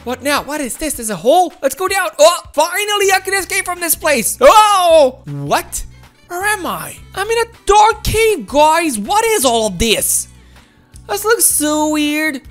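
Super high-voiced woman doing hyped-up game commentary, yelling a lot, faint music under it. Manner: excitable, often shouting, keeps addressing viewers as guys. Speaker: gameplay commentator. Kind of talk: excited kids' let's-play commentary.

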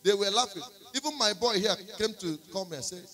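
A man's voice: high-pitched, brisk, soft background music. A man with a Nigerian accent preaching a sermon in church, telling a testimony and slipping into pidgin. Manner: storytelling, slipping into pidgin, rising to shouts and singing. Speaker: prophet preaching. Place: church service.

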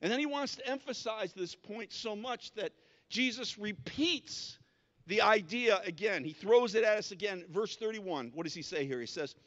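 Male pastor, high-pitched, chatty preaching with restarts; muffled, echoing sanctuary recording. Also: lively intonation, moderate pace, fairly bright tone. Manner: conversational preaching with many restarts and repeated words. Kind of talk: sermon. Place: church sanctuary.

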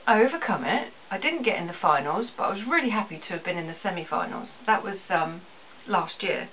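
A woman's voice: fairly low pitch, expressive, brisk. A woman who runs a small business, talking earnestly to camera in a personal vlog and repeating phrases for emphasis. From England. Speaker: small business owner vlogging. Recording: tinny phone-like audio, distant, faint hiss.

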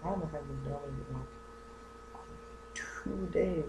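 A young man rambling through a goofy comedic vlog monologue, going from joke to joke with silly deadpan asides. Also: fairly high pitch, unhurried, gravelly, noisy background. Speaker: vlogger.

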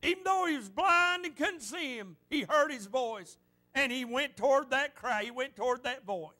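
A male pastor delivering a fervent sermon. His voice is high and bright with a sharp, forceful edge. He repeats phrases for emphasis and tells stories as he preaches. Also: animated, normal speed. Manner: fervent, repetitive preaching with storytelling.

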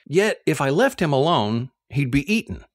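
A man reading a first-person novel aloud, telling the story in an expressive, animated way. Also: on the high side, moderate pace, no echo, clean studio sound. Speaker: audiobook narrator.

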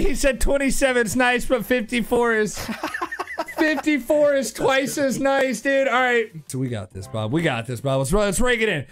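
A man streaming a game live, talking his way through it with excitable outbursts, shouts and laughter. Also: very high voice, moderate pace, faint music behind. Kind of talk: live gameplay commentary.

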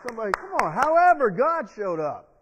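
A man's voice: very high voice, big pitch swings, a little fast, noisy background. A male pastor preaching a sermon in church, leading the congregation in call-and-response. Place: church sanctuary. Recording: dull long-reverb church sound.

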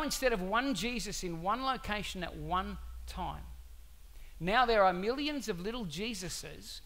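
A male pastor preaching to his church in a conversational, animated way, full of rhetorical questions. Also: sits high. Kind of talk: sermon.

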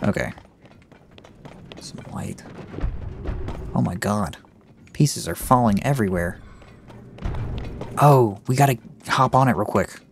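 A man giving let's play commentary, talking to himself and reacting aloud with excitement as he plays. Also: lowish voice, slow, gravelly, pauses often, slight background noise. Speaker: gamer. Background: game music.

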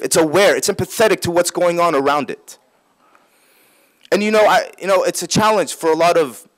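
Guy giving a religious lecture, slightly high voice, explains slowly and says things twice for emphasis. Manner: repeats phrases for emphasis, explanatory. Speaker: Islamic speaker. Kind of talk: religious talk.

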